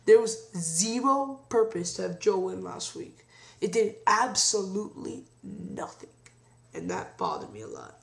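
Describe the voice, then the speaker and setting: A man's voice: sits high, big pitch swings, unhurried, creaky. A young man giving an opinionated, ranting review in a casual vlog. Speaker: wrestling show reviewer.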